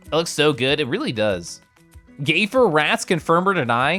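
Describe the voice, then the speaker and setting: A man streaming a video game, chatting casually and excitedly while reading chat aloud and giggling. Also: fairly high pitch, normal speed, soft background music.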